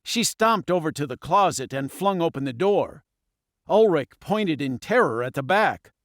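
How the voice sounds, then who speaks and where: A man reading a children's storybook aloud with lively, expressive swings in pitch. His voice sits a little high and is recorded close and dry in a studio. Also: unhurried, dry recording. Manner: expressive, dramatic. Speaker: audiobook narrator. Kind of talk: scripted storybook narration.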